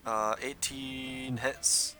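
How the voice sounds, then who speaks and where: A man's voice: mid-range voice, flat delivery, over music. A man narrating as dungeon master, making casual rulings between players. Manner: casual, quick rulings with frequent "uh" and "like". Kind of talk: narrating a tabletop game.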